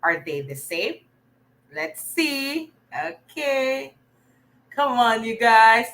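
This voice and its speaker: A woman's voice: high voice, sharp tone, rough recording. A Filipino woman teaching an online reading lesson, encouraging and often checking in with her learners. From Philippines.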